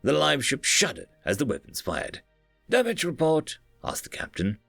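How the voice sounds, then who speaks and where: A male narrator reads a written sci-fi story in a lively, rising and falling voice, dipping low and quiet on his dialogue tags. The recording is dry and close, with faint music underneath. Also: moderate pace, creaky, no echo.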